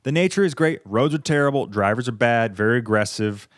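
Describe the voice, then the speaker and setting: A man's voice: medium pitch, expressive, brisk, no echo, studio quality. A young man hosting a casual solo podcast, rambling through profane, sarcastic tangents. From United States. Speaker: podcast host.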